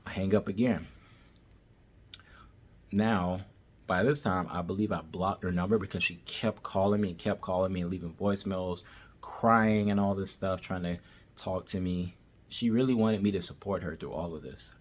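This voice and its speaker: Deep-voiced man telling a story bluntly. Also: fairly even intonation, moderate pace. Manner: blunt, casual, plain-spoken. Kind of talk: casual storytime monologue.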